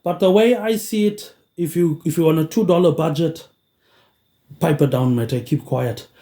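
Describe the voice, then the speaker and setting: A man's voice: a little high, moderate pace, mellow, echoey room. A man hosting his own show in a rambling monologue, tagging lines with "mate, eh" in a dropping tone. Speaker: podcast host.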